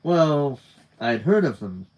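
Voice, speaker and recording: A man reading aloud, voicing a gentle young male student with a dry, wry way of talking. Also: medium pitch, very animated, takes it slowly, voice pushed up, poor audio. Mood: explaining.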